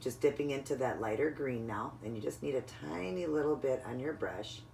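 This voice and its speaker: A woman's voice: a bass voice, brisk, vocal fry, warm tone, a little hiss or hum. A woman narrating a casual, step-by-step nail art tutorial at home in a chatty, instructive way.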